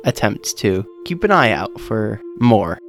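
A man playing a tabletop game, speaking haltingly with many fillers. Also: lowish voice, faint music behind. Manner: halting, filler-heavy, deadpan. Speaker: player. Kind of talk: casual tabletop play.

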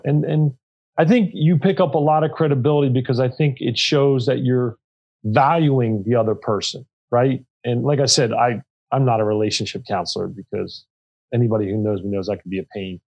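A man's voice: mid-range voice, moderate pace, low-quality recording. Middle-aged nonprofit leader, male, earnest and candid, mid-range voice, restarts a lot, podcast guest. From Pennsylvania. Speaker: nonprofit co-founder and CEO. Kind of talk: podcast interview.

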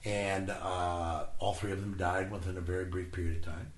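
A man telling stories as an interview guest, animated, often laughing and acting out other people's voices. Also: low voice, normal speed. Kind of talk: anecdotal interview talk. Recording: echoey room with faint noise.

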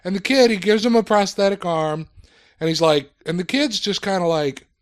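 A man co-hosting a film podcast who rants in an animated way, swears often and acts out other people's lines. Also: sits high, normal speed. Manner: animated ranting, swears a lot, acts out quotes. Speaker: podcast co-host. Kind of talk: casual film review chat.

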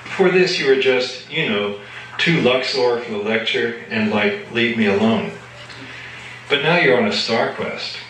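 Brief: playful, teasing young woman, read by a man at a live reading, raised pitch, echoey room heard from a distance. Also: measured pace, a bit bright, a little hiss or hum, natural voice. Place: live reading at an evening gathering.

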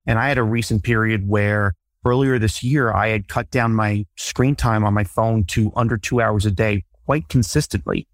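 A man hosting a podcast, with a somewhat low voice. He talks in a measured, reflective way. The recording is dry and close. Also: steady tone, no echo. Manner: reflective, measured, open about himself. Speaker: podcast host. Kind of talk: podcast interview conversation.

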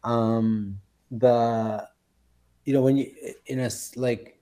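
A man of about 60, a health guest on a radio talk show, tells rambling stories in a casual radio chat, full of "like" and "you know." His voice is mid-range and mellow, with a steady tone and a slow pace.

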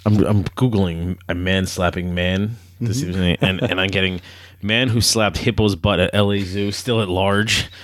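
A man's voice: sits low, steady tone, moderate pace, fairly bright tone, no echo, clean studio sound. A man on a podcast, chatting casually and making playful, jokey interjections. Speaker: podcast guest. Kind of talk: casual chat.

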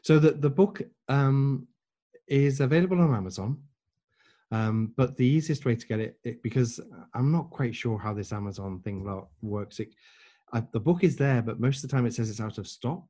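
An older man, a guest in an interview, telling lively anecdotes and acting out the voices of people he quotes. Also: mid-range voice, normal speed. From England. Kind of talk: conversational interview storytelling.

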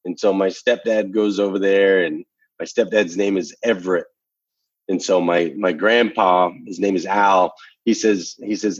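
A man's voice: low voice, normal speed, dry recording, highs cut off. A man telling a personal story in conversation, earnest and emphatic, repeating phrases for effect. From United States. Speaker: interview guest.

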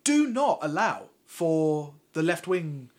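A man co-hosting a podcast in casual chat, animated and sardonic, talking in long run-on sentences. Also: on the high side, slow. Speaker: podcast co-host.

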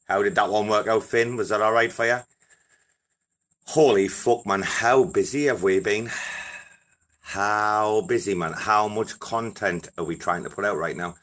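A young man hosting a crypto breakfast show, chatting casually in a rambling, heavily profane and excitable way. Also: lowish voice, measured pace. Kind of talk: casual live audio chat.

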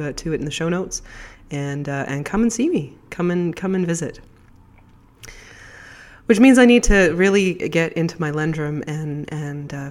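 A podcast host speaks with a stuffed-up, congested voice from a cold. The talk rambles along in a chatty, casual solo monologue, and the pitch sits in an ordinary middle range.

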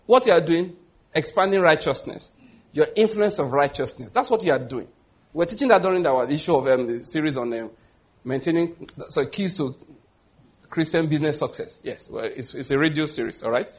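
Husky-voiced man preaching a sermon. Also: on the high side, expressive, brisk. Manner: conversational preaching, rhetorical questions. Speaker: pastor.

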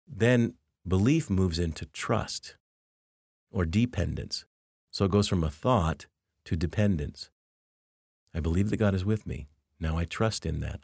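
A middle-aged man with a very low, husky voice explains spiritual ideas to his listeners. He speaks earnestly and circles back to restate each point. The sound is close and dry, with no room around it. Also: darkish tone, dry recording. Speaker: podcast host, Christian teacher. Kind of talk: reflective spiritual teaching talk.

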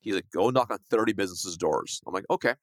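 A man telling a sales story in a lively, fast conversational way, acting out the voices of the people in it. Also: low-pitched, no room sound, clean studio sound. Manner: fast, animated, acts out quoted dialogue. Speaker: guest, sales coach.

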